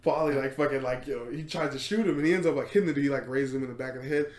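A man hosting a podcast, retelling a story in casual chat, animated and laughing, with lots of fillers and swearing. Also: medium pitch, rapid-fire, roomy sound. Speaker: podcast host.

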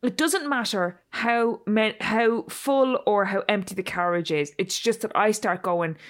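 A woman co-hosting a casual chat, telling a story in an animated way and acting out voices. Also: medium pitch, a little slow.

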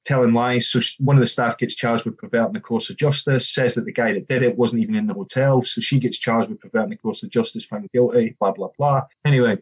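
Husky man telling a story. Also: mid-range voice, quick pace, hardly any pauses, rough recording. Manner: animated, acts out quoted dialogue, frequent restarts. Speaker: former footballer, guest. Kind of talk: casual storytelling anecdote.

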